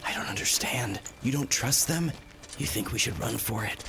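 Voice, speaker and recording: An actor playing an affable young hero in a board game's story app. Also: male voice, medium pitch, lively intonation, takes it slowly, gravelly, background noise. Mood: hushed.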